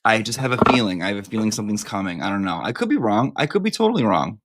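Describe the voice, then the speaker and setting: A man's voice: fairly low pitch, very animated, rapid-fire, a bit bright. Brief: male live-stream host, loose campy chat, foul-mouthed and rambling.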